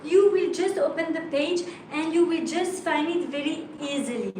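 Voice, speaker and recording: High-voiced French teacher in an echoey room. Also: female voice, darkish tone. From France. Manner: spells out letters slowly, patient and encouraging. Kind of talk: live language lesson. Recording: very echoey room, mic far off, faint noise.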